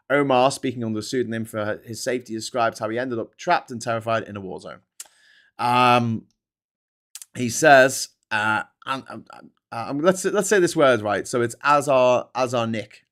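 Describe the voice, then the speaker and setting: A man's voice: on the low side, a bit bright. A man hosting a casual live-stream show, reading out news and commenting with sarcasm, swearing and many restarts. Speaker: host.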